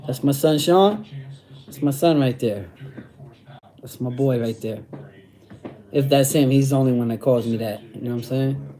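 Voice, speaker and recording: Middle-aged new guy on a livestream, street slang, dark mellow voice, keeps saying you know what i'm saying. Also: mid-range voice, moderate pace, pauses often, faint music behind. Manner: streetwise slang, repeats phrases. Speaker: host reading live chat. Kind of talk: casual livestream chat.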